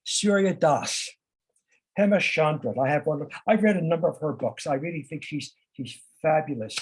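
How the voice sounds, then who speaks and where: Husky man leading a halting study talk. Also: a little high, animated, rough recording. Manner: halting, many uh and um fillers and restarts. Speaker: discussion leader. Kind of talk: informal talk to a study group.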